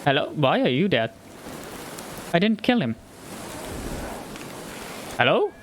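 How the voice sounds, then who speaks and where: Very animated yet slow-paced, a man with a voice on the high side comments on his own gameplay amid background noise. This gamer's let's play is full of frightened, jumpy self-muttering and yelps when he's scared.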